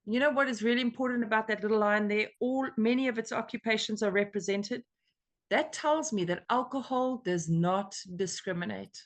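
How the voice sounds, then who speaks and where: A woman's voice: fairly high pitch, moderate pace. Earnest, emotional American woman sharing. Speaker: meeting leader. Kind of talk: recovery meeting share.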